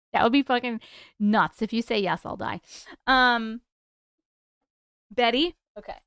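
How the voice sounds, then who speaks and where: A woman hosts a live stream from her desk at home, casually chatting, getting excited, and swearing freely. Her slightly high voice is smooth, clear, and a little slow, recorded close and dry with no room sound.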